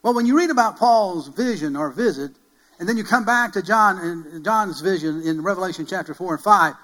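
A high-pitched male pastor is heard on a low-quality recording preaching a sermon. He's emphatic, putting questions to the congregation and repeating key phrases with growing force until he reaches loud calls.

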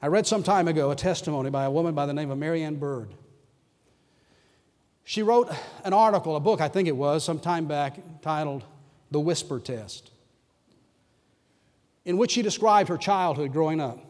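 A man with a fairly high voice preaches a sermon, earnest as he tells a story and quieter as he leads a prayer. His words ring out with a long reverb through a large church hall. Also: normal speed, long pauses. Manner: earnest storytelling, dropping to a soft hush for prayer. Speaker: pastor.

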